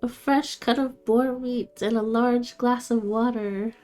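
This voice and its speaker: Giggly woman, slow, playful. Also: a little high, steady tone, dark tone, faint music behind. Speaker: player. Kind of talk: playing a tabletop game with friends.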